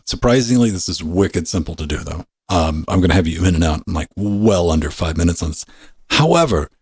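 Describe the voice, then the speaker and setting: A man's voice: low voice, lively intonation, fairly quick, a little mellow, breathy edge. A man hosting a podcast in casual, profane, wisecracking chat on a studio microphone. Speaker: podcast host.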